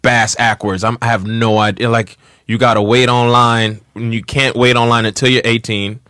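A male comedian in casual podcast chat, joking and animated, now and then slipping into put-on voices. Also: mid-range voice, normal speed, clear, resonant tone, no echo, studio quality.

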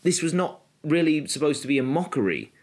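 A man co-hosting a podcast and telling history stories in a casual, explanatory way. He slows down for the dramatic moments. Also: fairly high pitch, sing-song, darkish tone.

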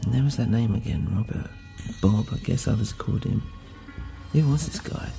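A man narrating a first-person story in a measured, quiet way. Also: mid-range voice, vocal fry, soft background music.

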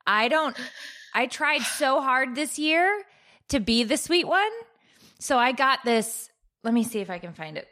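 A woman's voice: high voice, animated, measured pace, pushed and bright. A middle-aged woman hosting a podcast in casual chat, laughing easily and poking fun at herself. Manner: laughs easily, self-deprecating. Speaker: podcast host.

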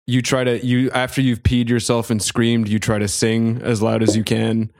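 A man in casual comedic chat, trading absurd jokes in a deadpan manner. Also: medium pitch, normal speed, creaky, no echo, studio quality.

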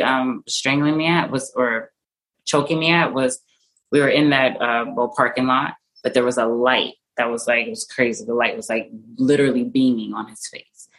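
A young woman with a strikingly deep, low voice tells a painful personal story in conversation. She speaks haltingly, full of fillers and restarts, often going soft and trailing off as she searches for words. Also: low-quality recording. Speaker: interview guest.

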